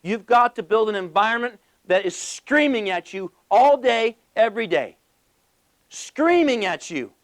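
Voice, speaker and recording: A man giving a passionate motivational business speech to a live audience, emphatic and full of rhetorical questions and rapid-fire lists. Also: high voice, animated. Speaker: motivational speaker.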